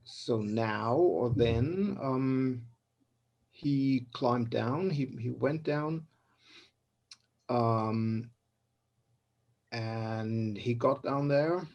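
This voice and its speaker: A man's voice: medium pitch, very slow, pauses often, a little mellow, highs cut off. A man reading a story aloud in a language class and translating it, searching for words with frequent ums. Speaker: student reader.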